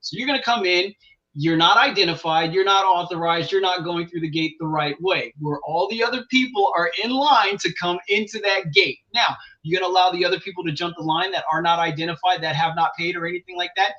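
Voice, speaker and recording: A man's voice: high-pitched, brisk, sharp tone. A man arguing on a talk radio show, pushing his point with a string of rhetorical questions. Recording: dull lo-fi sound.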